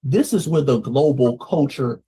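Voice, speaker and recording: A man's voice: medium pitch, lively intonation, measured pace, warm tone, breathy edge. A man from Atlanta, hosting a commentary podcast in an emphatic, preachy way. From Atlanta, Georgia, US. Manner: preachy, emphatic, calls listeners family. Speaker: host.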